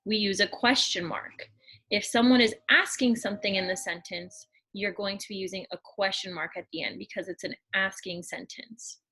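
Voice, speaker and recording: A woman teaching a lesson to young children, explaining slowly and patiently, step by step. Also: mid-range voice, fairly even intonation, bright, forceful tone, breathy edge, low-quality recording.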